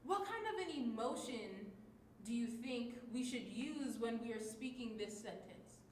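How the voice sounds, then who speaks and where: A woman with a high voice teaches children at an unhurried pace. She talks patiently and keeps checking in with her listeners. The room is echoey, with faint noise behind her. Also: animated. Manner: clear, patient teacher talk with many check-ins. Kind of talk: children's lesson video.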